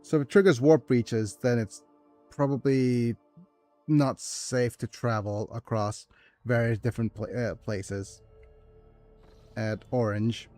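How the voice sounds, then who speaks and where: A man playing through a strategy game, talking softly and hesitantly as he reads menus and plans quests. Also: fairly even intonation, slow pace, faint music behind. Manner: soft low-key delivery, calling it his ASMR voice. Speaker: gaming video host. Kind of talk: let's play commentary.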